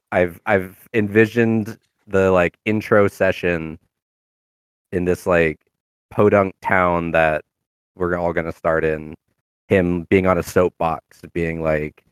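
A man's voice: deep voice, clean tone, dry recording, studio quality. A man chatting casually about his game character, rambling with many fillers and restarts. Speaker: tabletop game player. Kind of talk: casual chat.

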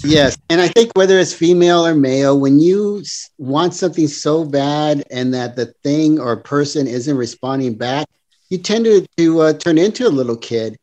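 A man's voice: fairly high pitch, moderate pace, darkish tone. A man in his fifties co-hosting a dating podcast, earnest and encouraging with a playful, joking side. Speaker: podcast co-host. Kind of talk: casual chat.

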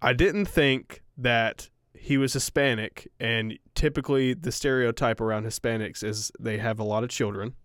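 A man's voice: mid-range voice, moderate pace, hardly any pauses, fairly bright tone, no room sound, clean studio sound. Swearing, self-mocking podcast co-host man. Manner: rambling, swears, laughs at himself. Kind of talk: casual podcast chat.

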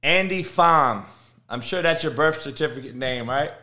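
A middle-aged football coach hosts a live show, launching into heated, profane, shouting rants about sports as a kind of motivational tirade. His voice is a little high and moves at normal speed.

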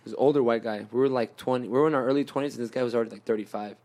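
A man's voice: mid-range voice, racing, a little mellow. Young man, casual chat, slangy, profane, rambling storyteller with many restarts. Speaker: podcast guest telling a story.

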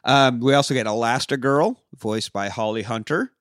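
A man's voice: mid-range voice, moderate pace, a bit bright, no room sound, clean studio sound. A man hosting a casual movie-review podcast, talking loosely and swearing and laughing often. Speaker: podcast co-host.

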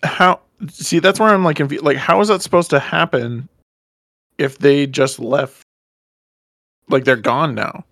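A man co-hosting a podcast in casual chat, excitable and swearing freely. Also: fairly high pitch, unhurried, creaky, pauses often, no echo, clean studio sound. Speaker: podcast co-host.

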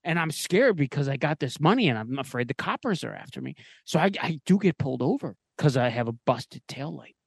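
Man, podcast host, lively sing-song delivery, rambling crude spooky tale, dry close sound. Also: fairly high pitch, brisk, gravelly, hardly any pauses, slightly rough, dry recording. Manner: rambling and crude, laughing at his own jokes. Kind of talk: comedic spooky storytelling.

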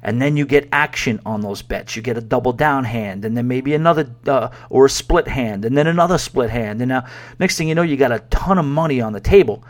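Male podcast host from New York, middle-pitched, casual rambling storyteller with plenty of fillers. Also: fairly quick. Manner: rambling, conversational, many fillers. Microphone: podcast microphone.

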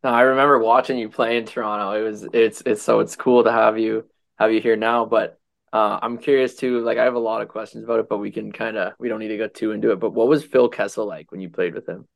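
A man's voice: on the low side, steady tone, fast, vocal fry. A man hosting a podcast, asking questions in a loose, easygoing way. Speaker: podcast host. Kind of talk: casual chat.

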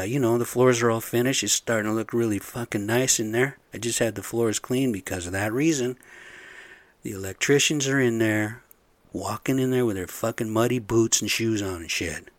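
A man's voice: mid-range voice, dry recording. Profane, blunt construction foreman venting. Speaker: construction site supervisor. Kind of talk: casual rant to camera.

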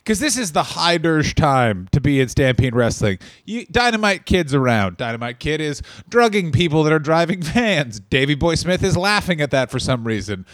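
Man, comedy podcast co-host, crude riffing, fairly high voice, dry close sound. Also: sing-song, no echo. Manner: riffing, crude, quick jokes. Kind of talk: casual comedy chat.

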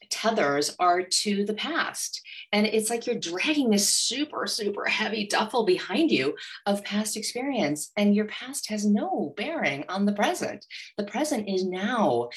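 A woman who is a money coach, speaking as a guest in an interview and acting out inner voices with animated energy. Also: medium pitch, moderate pace. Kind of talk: motivational interview talk.

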